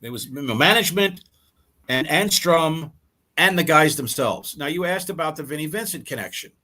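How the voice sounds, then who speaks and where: A man's voice: on the high side, lively intonation, moderate pace, bright, forceful tone. An older man who is a rock musician, telling stories as an interview guest. He acts out quoted dialogue and often repeats and restarts words. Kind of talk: storytelling in a casual interview.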